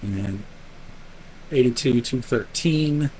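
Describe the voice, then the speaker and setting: A man streaming a racing game, explaining car setup in a relaxed, teasing way. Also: medium pitch, slow, a little hiss or hum, low-quality recording. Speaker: streamer and race car driver. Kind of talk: live-stream gameplay commentary.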